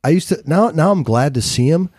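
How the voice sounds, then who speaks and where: A man's voice: on the high side, expressive, brisk, a little mellow, breathy edge, no echo, studio quality. A man in a casual panel discussion, rambling and frank.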